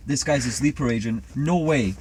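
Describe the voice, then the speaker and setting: A man's voice: mid-range voice, normal speed, darkish tone, a little hiss or hum. Rambling man in casual chat. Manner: rambling, self-assured. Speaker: co-host.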